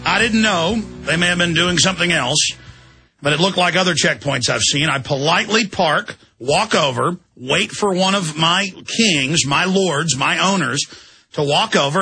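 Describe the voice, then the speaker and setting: Radio host, male, gravelly and husky, bright edge, indignant rant. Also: fairly high pitch, normal speed, soft background music. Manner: indignant, acts out quotes in shifting voices. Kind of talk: ranting radio monologue.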